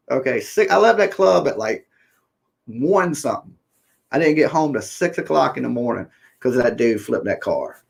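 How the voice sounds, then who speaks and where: A man's voice: a little high, creaky. A man telling a story in a casual, rambling way, often checking in with "right?" and acting out what people said. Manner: rambling, repeats "right?" often, acts out quotes. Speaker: livestream host.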